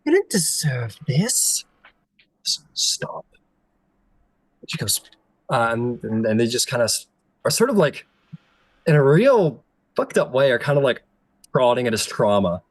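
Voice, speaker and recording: A man's voice: mid-range voice, very animated, moderate pace, long pauses, dry recording, low-quality recording. A man narrating as game master in a loose, filler-heavy style.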